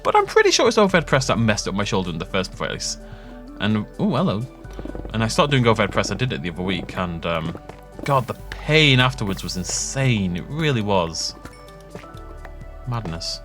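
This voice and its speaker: Young guy chatting over his game, lively up and down voice, bit of quiet music behind. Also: on the low side, normal speed. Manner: chatty, self-mocking, laughs often. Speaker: gaming YouTuber. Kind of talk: rambling gameplay commentary.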